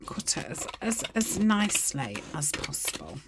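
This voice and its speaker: A woman's voice: low voice, sing-song, normal speed, background noise. A middle-aged woman chatting casually as she works on a craft project, rambling and muttering asides to herself. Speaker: craft channel host. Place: home crafting desk.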